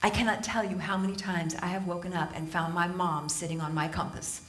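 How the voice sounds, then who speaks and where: A woman from Southern California giving a humorous inspirational talk on stage to a live audience, telling animated stories and laughing often. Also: lowish voice, brisk, crowd noise. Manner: animated storytelling, laughing often, playful asides. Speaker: motivational speaker and author.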